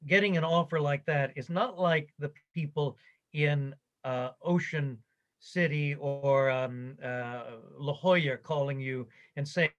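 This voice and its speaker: An older man, the interviewee, recounting his career story in a conversation, animated and quoting others as he goes. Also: fairly high pitch, takes it slowly, muffled recording.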